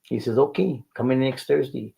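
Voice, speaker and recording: Older man, gravelly voice, earnest testimony. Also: mid-range voice, normal speed, warm tone, poor audio. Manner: earnest storytelling, acts out dialogue. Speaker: guest. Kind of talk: testimony in an interview.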